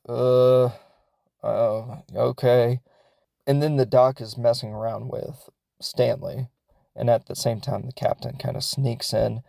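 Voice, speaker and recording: A man's voice: medium pitch, creaky, a little mellow, dry recording. A man hosting a show and casually recapping a film in a rambling, wry way, full of fillers. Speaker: host.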